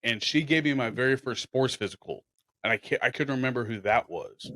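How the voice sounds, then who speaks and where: A man's voice: mid-range voice, a little fast. A man hosting a podcast, telling rambling hometown stories in a casual chat. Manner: rambling, animated storyteller with restarts. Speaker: podcast host.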